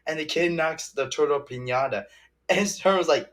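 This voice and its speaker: A young man giving a casual movie review, rambling and halting with many restarts and fillers. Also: a little high.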